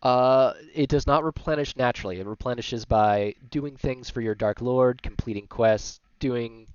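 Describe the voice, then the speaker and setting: A man's voice: medium pitch, moderate pace, a little mellow, smooth, dry recording, highs cut off. A man serving as game master, explaining rules in a loose, rambling way with many fillers. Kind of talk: running a tabletop game, casual chat.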